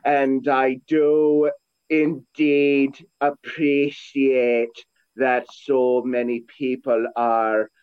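A man's voice: mid-range voice, clear, resonant tone. A man putting on a worn-out old Irishman. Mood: weary. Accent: put-on old Irish. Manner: slow, flat, long drawn-out phrases. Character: weary old Irishman, slow and drained. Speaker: priest co-host. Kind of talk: comic put-on voice. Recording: tinny phone-like sound.

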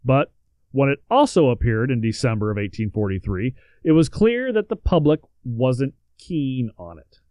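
A man's voice: mid-range voice, big pitch swings, moderate pace, dark tone, no echo. A man co-hosting a podcast, reading out history in a casual way with joking asides and the odd swear word. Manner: reads facts then adds joking asides and swearing. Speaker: podcast co-host.

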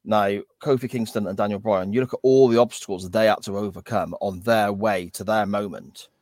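Lower-voiced guy on a wrestling pod, measured, breaks stuff down calmly. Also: no echo. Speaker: guest co-host. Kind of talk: casual wrestling chat.

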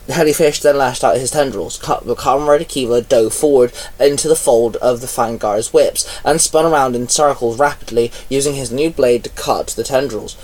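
A man reading his own action story aloud at an unhurried pace, now and then pausing on a stumble. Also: medium pitch, a little mellow. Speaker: fan fiction reader. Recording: voice a bit far from mic.

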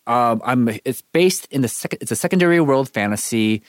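A man's voice: medium pitch, expressive, fairly quick, no echo. A man co-hosting a podcast, talking eagerly about a book with some hesitant fillers. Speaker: podcast co-host. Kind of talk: casual podcast discussion.

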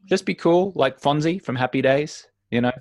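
A man's voice: on the high side, normal speed, dry recording. Emphatic man giving sobriety advice, dry sound. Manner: animated, acts out little scenes in other voices; emphatic, repeats key points. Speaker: sobriety coach. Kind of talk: conversational podcast advice.

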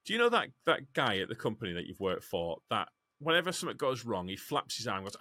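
A man co-hosting a casual trucking podcast, animated, swearing freely and acting out quotes. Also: mid-range voice, fast talker, hardly any pauses, no echo. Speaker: podcast co-host, truck driver.

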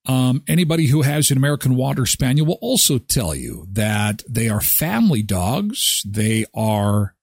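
A man hosting a morning show, chatting in a jokey, animated way and talking to his dog. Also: mid-range voice, husky, dry recording, clean studio sound. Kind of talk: casual chat.

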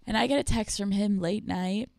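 A woman's voice: mid-range voice, moderate pace, creaky, no echo, studio quality. A young woman co-hosting a podcast, telling candid stories in casual chat, acting out voices and swearing freely. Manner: animated storyteller, mimics voices, swears freely. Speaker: podcast co-host. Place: small room, no producer. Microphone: studio microphone.

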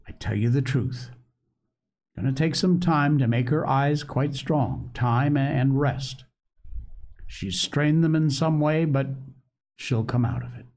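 Man doing a kind doctor, gentle, coaxing, slow, lively tone. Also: mid-range voice. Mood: reassuring.

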